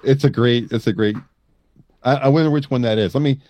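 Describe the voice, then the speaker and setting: A man's voice: mid-range voice, fairly quick, dark tone. A man in a casual group chat, rambling and listing things off.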